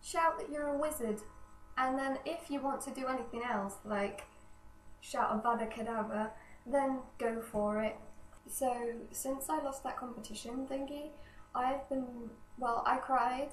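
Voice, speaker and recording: A young woman with a cold vlogs from an indoor hallway outside a bedroom, chatting in a rambling, self-deprecating way. Her high-pitched voice is nasal, fairly even in intonation, and unhurried. The hallway echoes, the camera is distant, and there's a faint hiss.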